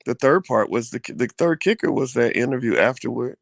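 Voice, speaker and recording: A man chatting casually, his speech full of restarts and blunt slang. His voice sits at a middling pitch, and the sound is dry and close with little room echo. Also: fairly quick, gravelly. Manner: animated, frequent restarts, profane slang. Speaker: co-host. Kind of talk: casual chat.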